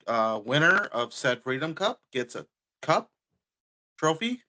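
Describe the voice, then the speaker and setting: Bright-voiced man co-hosting casually. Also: on the high side. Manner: joking, chewing on a candy while talking. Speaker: podcast co-host. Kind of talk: casual chat.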